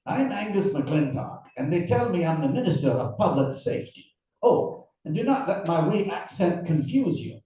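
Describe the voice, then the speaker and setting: A man voicing a gruff older Scottish male government minister while reading aloud from a novel, with a thick Scottish accent. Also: a little high, very animated, normal speed, warm tone, far from the mic, pitched above the performer's own voice. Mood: hearty greeting. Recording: very echoey room, voice from afar.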